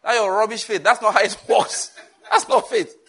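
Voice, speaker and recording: A man with a Nigerian accent preaching a sermon, animated, acting out voices and laughing often. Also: high-pitched, normal speed, creaky, breathy edge. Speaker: pastor.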